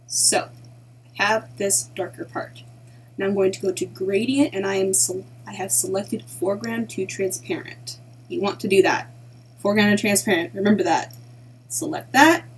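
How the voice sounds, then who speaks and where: A woman narrating a casual digital art tutorial in a chatty way, often dropping into soft half-whispered asides to herself as she works. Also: medium pitch, normal speed, slight background noise, low-quality recording. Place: at home at her computer.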